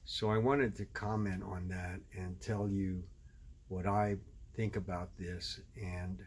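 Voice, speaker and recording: A man hosting a language video, explaining his view in a measured, casual way. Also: sits low, steady tone, a little hiss or hum. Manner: measured, explanatory, switches between English and Spanish. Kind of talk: casual spoken commentary.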